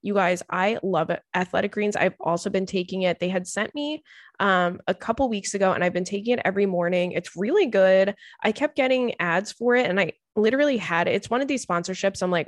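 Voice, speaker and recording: A young adult woman hosting a podcast, chatting casually and telling animated stories with frequent laughs and swearing. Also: medium pitch, brisk, no room sound. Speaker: podcast host reading listener stories. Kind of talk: casual chat.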